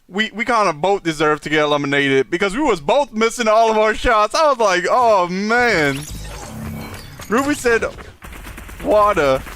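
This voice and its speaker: A young man with a high, expressive, slightly bright voice streams a video game live at a moderate pace. His gameplay commentary is casual chat, with chat messages read aloud and frequent laughter.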